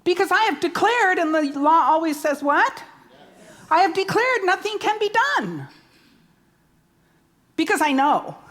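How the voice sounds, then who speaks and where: A woman's voice: very high-pitched, very animated, a little slow, long pauses, a bit bright. A woman minister preaching a sermon, emphatic, repeating key words and asking rhetorical questions.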